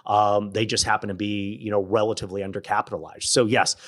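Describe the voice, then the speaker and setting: A middle-aged man, a podcast guest, telling stories in a relaxed conversational way and acting out other people's lines. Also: on the low side, fast talker. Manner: animated, quotes others in acted-out dialogue. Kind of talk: conversational storytelling.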